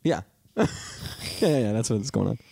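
A man's voice: mid-range voice, animated, normal speed, creaky, mellow, breathy edge, no room sound. A man who is a guest on a podcast, narrating a movie on screen and laughing often. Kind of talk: casual movie chat.

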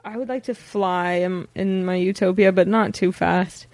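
A woman's voice: fairly low pitch, steady tone, normal speed, darkish tone, no echo. Giggly woman from Canada. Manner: playful, giggly, rambling. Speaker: comedian guest. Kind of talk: casual podcast chat.

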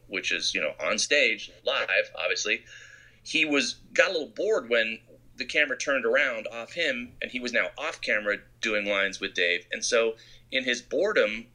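A man from Arizona, a film director, telling anecdotes in an interview and acting out quotes. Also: on the low side. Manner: animated storyteller who acts out quotes.

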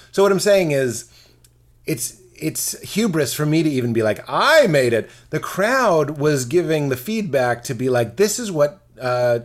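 A man, a stand-up comedian, chatting casually and breaking into silly character voices. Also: mid-range voice. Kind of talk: casual chat.

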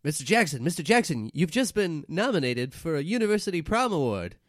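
A man in improv comedy, playing the straight parts in a deadpan, announcer-like way. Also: on the high side, a little fast, dry recording, clean studio sound. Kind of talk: improv comedy role-play.

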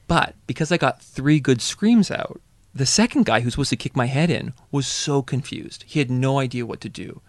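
A man with a gravelly, creaky voice and a middle pitch tells a story in casual conversation. He talks with animated delivery and slips into quick voices for the people in it. The sound is dry and close, with no room echo. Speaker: storyteller guest. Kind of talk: casual chat.

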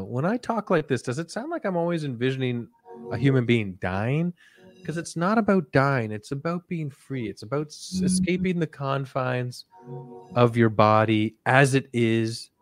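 A man hosting a comic sleep-story podcast, talking softly with drifting, rambling jokey asides. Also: mid-range voice, no room sound. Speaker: podcast host.

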